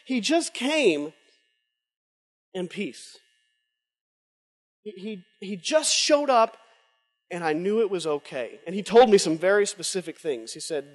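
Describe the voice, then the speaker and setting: Middle-aged guy preaching a personal story, voice breaks, lots of restarts, high voice, big echoey hall. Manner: heartfelt, halting, many restarts, voice breaking. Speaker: conference speaker. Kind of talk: emotional personal testimony sermon. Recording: long hall reverb.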